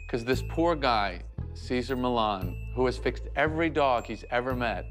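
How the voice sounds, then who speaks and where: A man gives a deadpan, sardonic talking-head interview for a television show. Soft music plays faintly beneath his voice. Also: mid-range voice. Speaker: celebrity dog owner on a reality show. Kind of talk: dry confessional interview.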